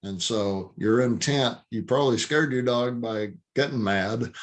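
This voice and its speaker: A man's voice: medium pitch, unhurried. A man giving firm, emphatic dog-training advice on a video call. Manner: emphatic, acts out what the owner should say.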